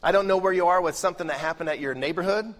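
A middle-aged male pastor preaching a lively, joking sermon, swinging between loud bursts and hushed asides. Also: high voice, racing. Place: large church hall. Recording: live sermon with long hall reverb.

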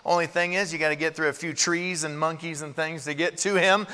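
A man in his thirties preaching a sermon, animated and acting out prayers and Bible voices. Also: fairly high pitch, a little fast, smooth. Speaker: pastor. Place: large church hall. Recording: reverberant hall.

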